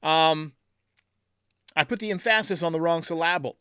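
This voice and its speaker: A man's voice: fairly high pitch, normal speed, sharp tone, clean tone, no room sound, clean studio sound. A man hosting a live stream, chatting casually and reading out viewer comments as he thinks aloud. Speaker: podcast host reading live chat.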